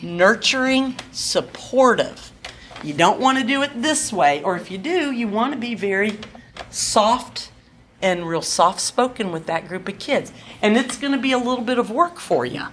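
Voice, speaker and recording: A woman presenting at a seminar, teaching in a lively way that often checks in with "okay?" and acts out things said to children. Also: a little high, a little slow, a little hiss or hum. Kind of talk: lively teaching talk to an audience.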